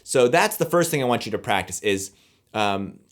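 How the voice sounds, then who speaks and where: A man teaching music to camera, explaining rhythm in a relaxed, conversational way and scat-singing the beats as he counts. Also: mid-range voice, moderate pace.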